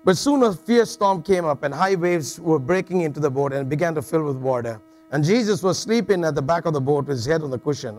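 A man's voice: on the high side, animated, a little fast, soft background music. A middle-aged man preaching a sermon in a jokey, conversational way, often checking in with "all right" and restarting phrases.

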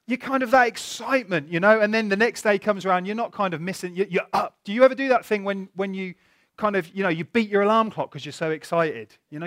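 Male preacher, fairly high pitch, conversational and animated, talks straight to the congregation. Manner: animated, conversational storytelling with rhetorical questions. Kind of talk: sermon.

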